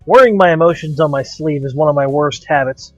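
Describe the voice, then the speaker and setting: A man's voice: on the high side, brisk, no room sound, muffled recording, soft background music. A man hosting a let's play, reading a visual novel aloud with dramatic, wry narration.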